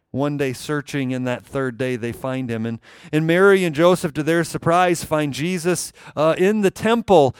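A man's voice: on the high side, smooth, no echo. Man, preacher, sermon, emphatic, repeats phrases, dry close sound. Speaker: pastor.

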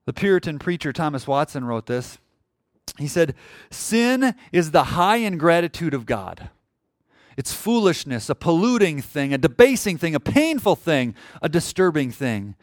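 Male pastor, sermon, high and animated voice, dramatic swings from quiet to loud, dry close recording. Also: no room sound. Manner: emphatic, swings from hushed to shouting.

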